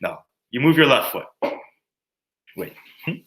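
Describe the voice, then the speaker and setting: Animated man teaching martial arts terms. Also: medium pitch, measured pace. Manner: animated, jokey, sings and mimics to teach words. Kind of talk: teaching terminology with playful mnemonics.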